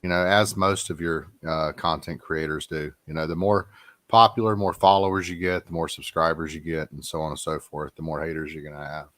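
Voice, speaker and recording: A man's voice: a bass voice, fairly even intonation, brisk, a bit bright. A man hosting a casual fishing podcast, talking in a laid-back but emphatic way. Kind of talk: casual chat.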